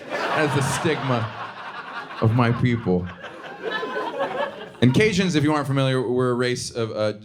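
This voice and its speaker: A young man from the Southern United States doing stand-up comedy, quick and animated, dropping into put-on voices for bits. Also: medium pitch. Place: theater stage before a laughing audience. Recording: live show with clear audience noise.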